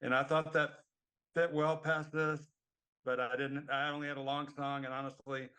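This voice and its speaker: A man's voice: on the high side, little pitch movement, normal speed, bright, forceful tone, clear, resonant tone. A middle-aged man co-hosting a casual music podcast, talking in a rambling, hesitant way with many ums. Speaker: podcast co-host. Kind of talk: casual chat.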